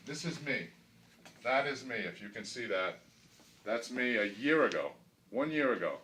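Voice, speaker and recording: A man's voice: medium pitch, reverberant. A middle-aged man giving a candid patient testimonial in a hospital room, emphatic and often repeating himself as he stumbles over words. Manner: emphatic, stumbling repetitions, grows excited and loud. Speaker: weight-loss surgery patient. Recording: distant mic with faint background hiss.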